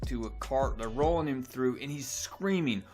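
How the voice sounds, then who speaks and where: A man's voice: medium pitch, moderate pace, darkish tone, soft background music. A man casually reviewing a comic preview in a chatty, self-deprecating way.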